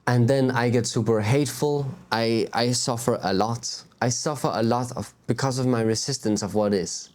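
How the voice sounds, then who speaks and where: A man's voice: medium pitch, normal speed, hardly any pauses. Candid man musing outdoors. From Denmark. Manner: candid, animated, swears and laughs at himself. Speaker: spiritual vlogger. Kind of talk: casual spiritual talk to camera. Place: outdoors on a beach.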